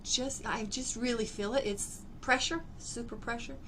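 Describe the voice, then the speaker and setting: A woman leading a live energy-healing demonstration, theatrical and expressive, often breaking into laughter. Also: a little high, normal speed, slight background noise. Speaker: energy healer.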